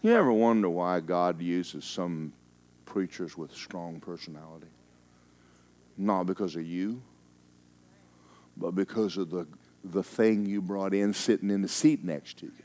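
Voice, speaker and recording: A male pastor delivering a sermon, telling stories in a folksy, teasing way, with emphatic stretches and hushed asides. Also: deep voice, measured pace, long pauses. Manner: emphatic, storytelling preacher who drops into hushed asides.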